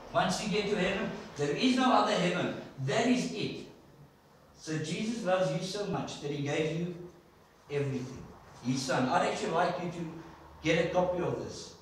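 A fairly high-voiced man preaching to his congregation, stopping to put questions to them. He is picked up from a distance in a very echoey church hall, with a faint hiss underneath. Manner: storytelling, asks the congregation questions. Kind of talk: sermon.

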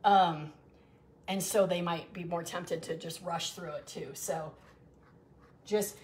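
A middle-aged woman chats casually while grooming her dog, rambling with lots of ums and restarts and cooing soft asides to the animal. Her voice is lowish, her intonation fairly even, and she speaks slowly.

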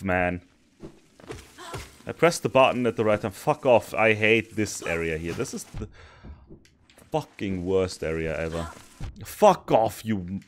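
A man commentating his own gameplay, cursing in frustration and swinging between loud outbursts and low muttering. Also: expressive, a little slow, long pauses, a little hiss or hum. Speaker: gaming streamer. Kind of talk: let's play commentary.

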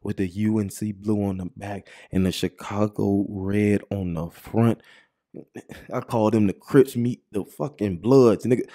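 Hyped man with a mellow voice. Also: on the low side. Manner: exclamatory, hyped, repetitive slang-heavy. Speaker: show host. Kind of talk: casual hyped commentary.

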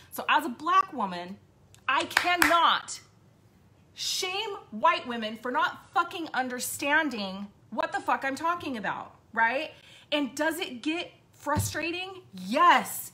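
A woman's voice: high-pitched, sharp tone. A woman host giving an impassioned, blunt monologue, swearing often and repeating points for emphasis. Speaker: podcast host.

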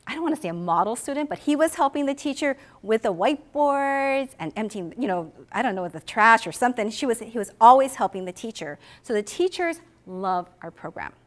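A woman's voice: a little high, animated, brisk, hardly any pauses. A woman giving a conference talk who tells a story, asks the audience questions and acts out the people she quotes. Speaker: conference presenter for an animal welfare education program.

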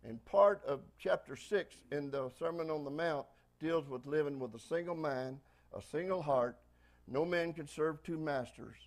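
A pastor with a Southern US accent from Texas, preaching a folksy, emphatic sermon with frequent praise-God interjections. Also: male voice, a little high, a little slow.

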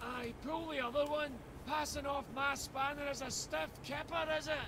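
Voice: sits high, steady tone, moderate pace. An actor playing a bickering, sarcastic village figure in a game. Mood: scolding. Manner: scolding, sarcastic. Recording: game audio with background noise.

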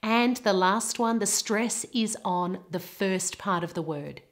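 A woman presenting a short pronunciation lesson at a slow, unhurried pace. She sets out each word with care and repeats it for the listener to copy. Her pitch sits in a medium range. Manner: clear, deliberate model pronunciations. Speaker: pronunciation teacher.

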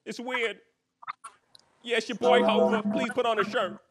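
A man's voice: extremely high pitch, level tone, moderate pace, a crowd in the background. A man putting on the voice of a cocky male rap mogul, bossing and teasing a stranger on video chat. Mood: mocking. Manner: bossy, mocking, chuckling remarks.

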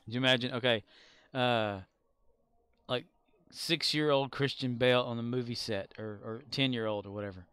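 A man's voice: medium pitch, steady tone, normal speed, a bit bright, smooth, dry recording. A man streaming a game live, chatting casually and playfully mimicking voices. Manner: playful, imitating voices, laughing.

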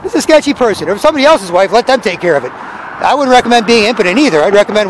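A man rants outdoors in a city square, rambling and profane, circling back over the same points. His voice sits strikingly high for a man, and his words tumble out quickly. Faint traffic noise hums behind him. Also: lively intonation, poor audio. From Canada. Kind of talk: street vlog rant.

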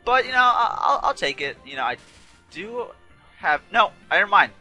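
A man with a very bright, forward voice talks over a video game, chatty and rambling, often restarting his sentences. He sounds a little tired, with game music faint behind him. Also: sits high, big pitch swings, moderate pace. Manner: rambling, self-correcting, chatty. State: yawning, a bit tired. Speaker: let's play host. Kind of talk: casual gameplay commentary.

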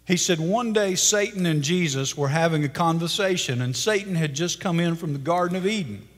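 A male pastor preaching a sermon, telling a story with dramatic pacing and closing in a hushed prayer. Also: on the high side, animated, a little fast. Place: church sanctuary. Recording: long church-hall reverb.

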